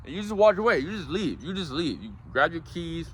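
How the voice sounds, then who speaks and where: A man's voice: a little high, very animated, brisk, a bit bright, slight background noise. A man giving a casual, preachy motivational talk, calling his listeners guys and bro. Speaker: self-help speaker.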